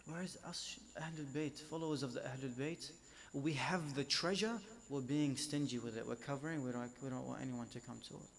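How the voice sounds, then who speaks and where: A man's voice: medium pitch, steady tone, brisk, vocal fry, few pauses. A man delivering a religious lecture at an Islamic centre, speaking emphatically and building up force on repeated phrases.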